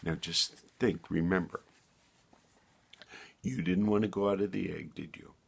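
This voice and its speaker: A man voicing a gentle, patient mother robin in a storybook tale, coaxing softly in a lowered voice. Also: steady tone, a little slow, creaky, slightly rough, heavily acted. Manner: soft, low, coaxing.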